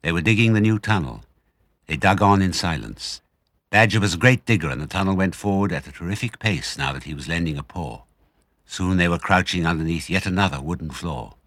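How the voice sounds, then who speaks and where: Older male storyteller, low husky voice, dry close sound, brisk and lively. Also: dry recording. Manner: brisk, expressive. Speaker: author reading his own book. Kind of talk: storybook narration.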